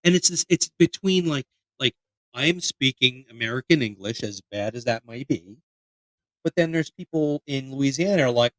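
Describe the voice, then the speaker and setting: A man's voice: mid-range voice, normal speed, dry recording, rough recording. Philly guy rambling and swearing on a podcast, dry close sound. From Philadelphia area, US. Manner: profane, rambling, animated. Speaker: podcast host. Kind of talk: casual chat.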